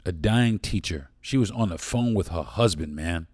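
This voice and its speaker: A man with a very deep voice talking straight into the mic on his own podcast. He speaks bluntly and with passion, swearing freely. The sound is dry and close, with no room around it. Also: lively intonation, moderate pace, a little mellow, no room sound. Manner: blunt, profane and impassioned. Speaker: podcast host. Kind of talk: solo podcast monologue.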